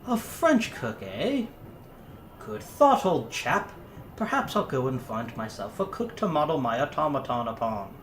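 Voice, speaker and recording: A man voicing an eccentric upper-class English gentleman inventor with a plummy, jovial manner. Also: medium pitch, unhurried. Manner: plummy, jovial, lively swoops. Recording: roomy echo, faint noise.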